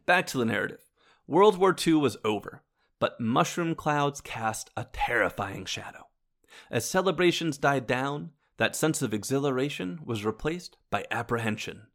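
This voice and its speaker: A man's voice: medium pitch, lively intonation, normal speed, a bit bright. A man hosting a history show, narrating from a script and turning to his listeners with wry asides. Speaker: history podcast host.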